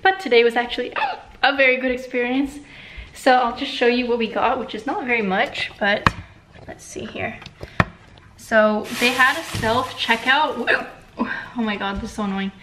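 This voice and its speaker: A woman's voice: fairly high pitch, steady tone, moderate pace. A woman chatting casually in a home vlog from her kitchen, giggly and hiccuping as she talks. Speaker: vlogger. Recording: home video with audible kitchen noise.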